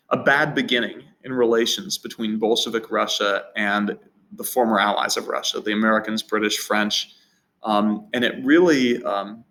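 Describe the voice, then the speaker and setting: A man's voice: lowish voice, a bit bright, poor audio. A man teaching a history lesson in an unscripted, conversational way, often repeating words and restarting phrases. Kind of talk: recorded history lecture.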